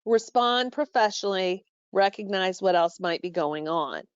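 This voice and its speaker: A woman's voice: mid-range voice, lively intonation, normal speed, clean tone, dry recording, dull audio. Woman leading a staff training call. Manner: instructive, with frequent fillers and self-corrections. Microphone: call microphone.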